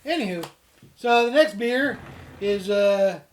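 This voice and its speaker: Speaking slowly in a high, animated voice over a faint hiss or hum, this Canadian co-host of a beer-tasting show keeps things casual. He fills the chat with silly asides and puns.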